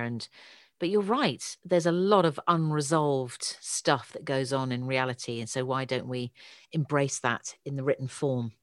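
Deep-voiced enthusiastic woman. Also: dry recording, studio quality. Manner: enthusiastic, self-deprecating, emphatic repeats. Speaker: guest author. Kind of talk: casual chat.

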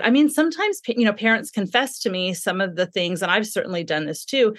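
A woman explaining parenting ideas in a calm, thoughtful way in a podcast conversation. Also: a little high, fast, hardly any pauses, no echo, studio quality. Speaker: parenting expert guest.

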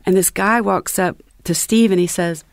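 A woman's voice: fairly low pitch, steady tone, moderate pace, dry recording. A woman musician telling stories in a casual interview, rambling with lots of fillers. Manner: rambling, full of "you know" fillers. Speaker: musician guest.

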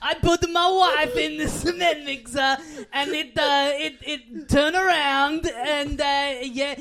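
A man's voice: extremely high pitch, fairly even intonation, slow pace, pushed and bright, voice pushed up, full character voice. A man doing a bad impression of a cheerful foreign man, in broken English with a sing-song lilt. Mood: goofy.

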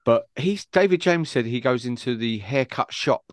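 A man's voice: mid-range voice, lively intonation, normal speed, dry recording, studio quality. A man co-hosting a podcast, telling jokey stories in casual chat. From England. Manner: joking banter, storytelling with quoted voices. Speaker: podcast co-host.

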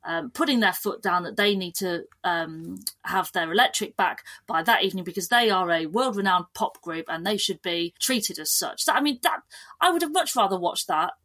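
A woman guest on a podcast, chatting casually in a lively, animated way with frequent restarts. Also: on the low side, normal speed. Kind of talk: casual chat.

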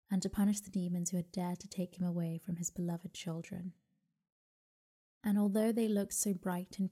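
A woman narrating a bedtime sleep story in a soft, half-whispered, unhurried voice. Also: lowish voice.

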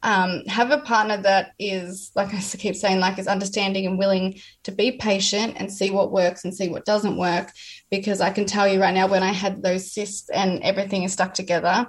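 Her delivery flat and her pitch medium, a female interview guest talks at a normal speed with candid earnestness about personal matters, frequently starting sentences over.

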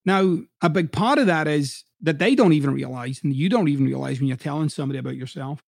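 In a dry, studio-quality recording, a middle-aged former coach turned podcast host rattles off a profane, blunt pep talk with heavy emphasis. His voice is a little high and creaky, and he speaks fast.

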